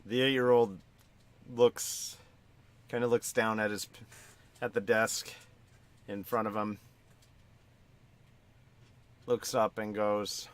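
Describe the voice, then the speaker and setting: A man's voice: on the low side, level tone, slow pace, long pauses, clear, resonant tone. A man running a tabletop role-playing game as game master, narrating the scene.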